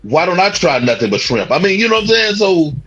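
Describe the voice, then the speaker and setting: A man's voice: sits high, big pitch swings, quick pace, fairly bright tone, soft background music. A man hosting a livestream, thinking aloud as he fumbles through his questions. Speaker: livestream host. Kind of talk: casual livestream interview. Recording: dull lo-fi stream audio.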